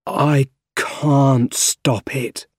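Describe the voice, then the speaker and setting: A tormented middle-aged scientist, as a male reader puts him on, each word dragged out slow and heavy. The voice sits at an ordinary pitch. It is recorded close and dry, with no room sound at all. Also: darkish tone, no room sound. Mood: grave. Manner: slow, heavy, deliberate delivery.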